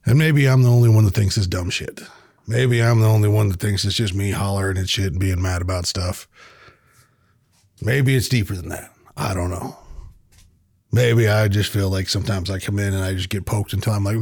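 A man with a gravelly, rough-edged voice talks on his own as a podcast host. His delivery is blunt and full of swearing, yet earnest and reflective. The sound is close and dry, with no room around it. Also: on the low side, a little fast, darkish tone, no echo. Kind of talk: casual solo monologue.

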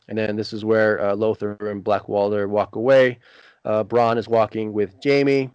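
A man casually retelling a TV scene, reading out the dialogue with frequent pauses and fillers. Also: fairly low pitch, level tone, darkish tone, clean tone, no room sound. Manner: halting, many "uh" fillers. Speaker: podcast co-host recapping a TV episode. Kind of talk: casual recap, reading lines aloud.

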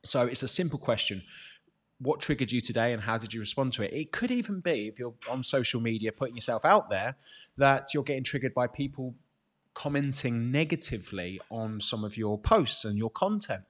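A man in his thirties with a British accent, giving a casual motivational talk as a fitness coach, blunt and energetic with free swearing. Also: medium pitch, brisk.

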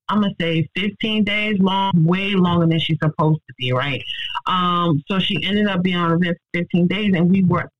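A woman's voice: fairly low pitch, no echo, highs cut off. A woman ICU nurse, giving an earnest, faith-driven account of her work in an interview. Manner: earnest, heartfelt and faith-driven, quick and emphatic. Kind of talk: personal testimony in an interview.

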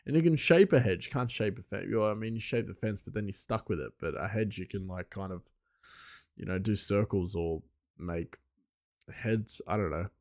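A man's voice: fairly low pitch, lively intonation, moderate pace, darkish tone. A man hosting a solo podcast in loose, rambling casual chat with frequent chuckles. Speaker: podcast host.

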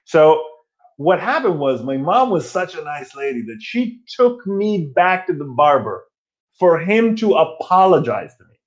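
A man in his forties rants on a live stream from his old childhood bedroom, his pitch jumping all over as he tells stories. He swears a lot and makes fun of himself, and his voice sits a bit high for a man. The audio is dull and lo-fi. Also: measured pace. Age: 40s. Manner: profane, self-mocking, animated storytelling. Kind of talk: casual ranting live stream.

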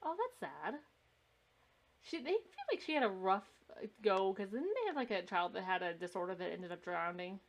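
A woman's voice: mid-range voice, lively intonation, normal speed. A woman co-hosting a podcast, chatting casually while they watch a movie, blunt, laughing often and swearing freely. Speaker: podcast co-host.

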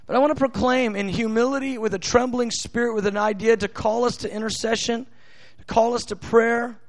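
Impassioned high-voiced male preacher. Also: fairly even intonation, dry recording. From United States. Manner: impassioned, rising to shouts in prayer; halting, with many restarts. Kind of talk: sermon.

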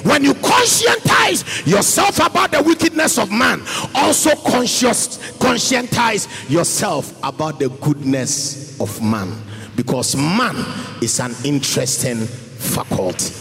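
Male preacher, high and bright, singsong delivery, long hall reverb under faint music. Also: very animated, takes it slowly, vocal fry. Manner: preaching in a sing-song voice that swings up to shouts. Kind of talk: sermon.

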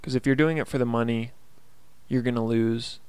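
A man's voice: mid-range voice, fairly even intonation, normal speed, a little mellow, clean tone, no echo. A man hosting his own casual podcast, talking in an earnest, upbeat motivational way with plenty of fillers. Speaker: podcast host. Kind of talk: casual solo podcast monologue.

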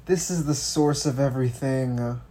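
A man co-hosting a casual political commentary podcast, animated and swearing, with many stumbling restarts. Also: medium pitch, normal speed. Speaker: podcast co-host.

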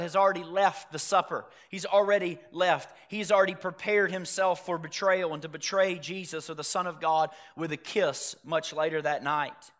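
A male pastor preaching a sermon in a conversational way. He swings from loud emphasis to hushed, quiet delivery and asks the congregation direct questions. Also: high voice.

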